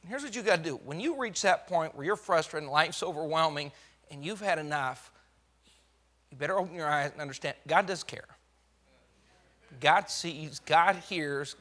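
A male pastor preaching a sermon, swinging from hushed, drawn-out lines to loud, fast bursts as he acts out what God says. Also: sits high.

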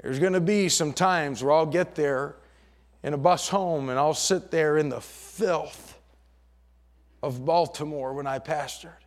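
High-voiced preaching man. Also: unhurried. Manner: preaching, swings from loud emphatic passages to hushed storytelling. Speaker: pastor. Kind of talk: sermon with storytelling.

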